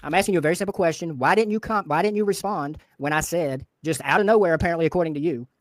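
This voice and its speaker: A man's voice: fairly high pitch, very fast. A man with a Southern American twang hosting a livestream, arguing hard, swearing and cutting people off. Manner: confrontational, profane, interrupting. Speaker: livestream host. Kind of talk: heated livestream argument.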